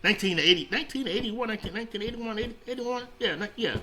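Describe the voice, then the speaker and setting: A middle-aged man with a high voice talks fast on a low-quality recording, telling stories as an interview guest in a casual chat. He founded a radio station, and he's an animated storyteller who rambles, repeats words, and restarts his sentences.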